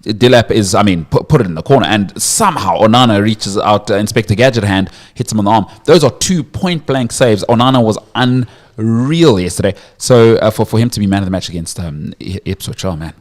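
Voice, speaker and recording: A man's voice: lowish voice, expressive, fairly quick. A man hosting a sports radio show, giving blunt opinions and reading out the phone number for callers. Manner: emphatic, opinionated, repeats words. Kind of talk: casual sports talk.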